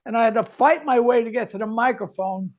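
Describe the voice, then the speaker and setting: An older man, a comedian, telling a wry, rambling story about a rough early gig in casual conversation. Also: extremely high pitch, brisk. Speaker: comedian guest.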